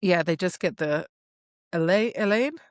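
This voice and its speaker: A woman co-hosting a casual book podcast, chatty and quick to slip into characters' voices. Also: on the low side, lively intonation, no echo, clean studio sound. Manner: chatty, jumps into characters' voices, laughs while retelling. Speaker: podcast co-host. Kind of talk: casual book-club chat.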